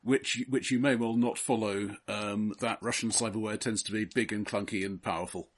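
A man acting as game master, explaining rules in a measured way. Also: lowish voice, fairly even intonation. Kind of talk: casual tabletop game chat.

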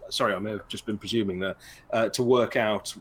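A man's voice: on the low side, fairly even intonation, a little fast, fairly bright tone. A man running a tabletop game as game master, talking in a hesitant, dry and wordy way.

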